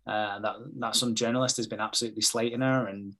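A man's voice: on the low side, fast talker. A man recapping a television episode in casual podcast chat, swearing often and acting out the characters' lines as he tells it. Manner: sweary, animated retelling with quoted voices. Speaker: podcast host recapping a TV show.

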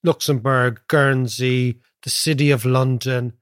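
A man with an Irish accent, co-hosting a podcast in casual chat, telling stories in an animated way and often asking "right?". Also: medium pitch, clean tone, no room sound, clean studio sound. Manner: animated, quick storyteller, keeps asking "right?". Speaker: podcast co-host, economist.

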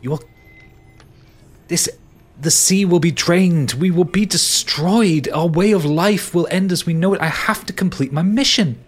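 A man's voice: fairly high pitch, normal speed, a bit bright, slightly rough, pitched above the performer's own voice. A man voicing a regal woman who pleads and scolds in a raised, imperious voice. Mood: urgent. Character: haughty regal woman on a mission, desperate.

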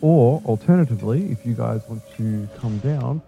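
A man playing a tabletop game, joking with quick asides. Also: medium pitch, lively intonation, creaky, highs cut off, faint music behind. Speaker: tabletop player. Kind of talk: casual game chat.

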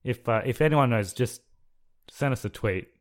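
A man co-hosting a casual film podcast, relaxed and a little hesitant as he talks. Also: medium pitch, normal speed. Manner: relaxed, hesitant, lots of fillers. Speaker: podcast co-host.

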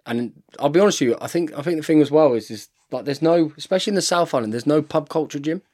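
A man's voice: a little high, quick pace, darkish tone. A man in his thirties, a rugby player chatting casually as a podcast guest, telling stories and saying "mate" all the time. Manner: chatty storyteller, says "mate" constantly. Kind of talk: casual chat.

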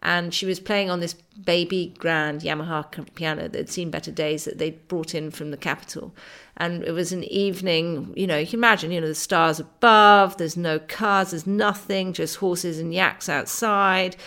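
A woman's voice: on the low side, steady tone, normal speed, fairly bright tone. A middle-aged woman, an author and interview guest, telling a travel story vividly and with enthusiasm, with many fillers and restarts. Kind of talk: conversational storytelling.

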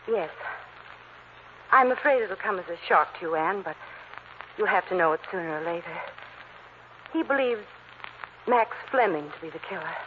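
A woman's voice: lowish voice, animated, normal speed, long pauses, close to an everyday voice. An actress playing a poised, sophisticated young woman in a 1940s radio drama, refined and theatrical. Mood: breezy. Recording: muffled old radio recording, hiss.

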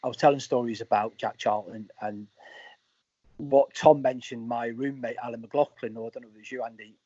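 Husky-voiced man telling lively anecdotes. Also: medium pitch, fairly quick, no echo. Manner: animated storyteller acting out quoted dialogue. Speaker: former footballer, interview guest. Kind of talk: casual anecdotal storytelling. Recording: slightly muffled, dry audio.

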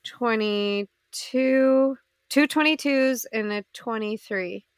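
A woman with a slightly high voice chats slowly and giggles through her stories at the game table. She swears casually. The sound is dry and close. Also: smooth, dry recording. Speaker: player. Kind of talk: casual chat.

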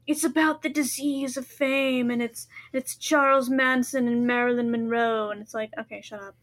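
Teasing young woman with a bright voice. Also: on the high side, fairly even intonation, moderate pace. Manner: wry, teasing banter. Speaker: podcast co-host. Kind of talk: casual podcast chat. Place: dorm room.

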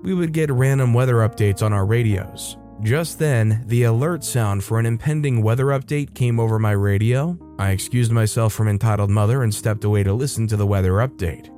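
A man's voice: mid-range voice, a little mellow. A man narrating Reddit stories aloud with wry, conversational asides. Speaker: storytime narrator.

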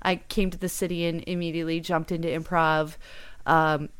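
A young adult woman performer talking in a casual conversation, rambling, animated and self-deprecating, laughing often. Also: low-pitched, moderate pace, clean tone. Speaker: guest performer and musician.

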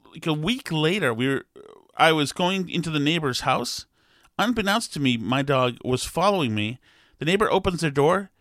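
A middle-aged man tells a long, wry story, rambling and exasperated as he goes. His voice sits fairly high for a man. The recording is dry and close, with no room sound. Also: fairly bright tone, no room sound. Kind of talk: casual monologue.

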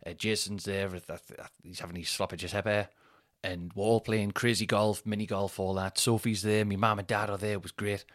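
Guy rambling on his podcast, lowish voice, dry close mic. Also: little pitch movement, moderate pace, no room sound. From Northeast England. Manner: rambling, chatty, laughs at own stories. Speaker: podcast host. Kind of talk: solo casual storytelling.

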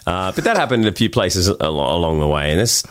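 An Australian man in casual conversation as a guest, telling travel stories with lots of restarts and excited jumps in voice. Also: a little fast. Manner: animated storyteller, many restarts, jumps high for quoted voices. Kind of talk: casual interview chat.

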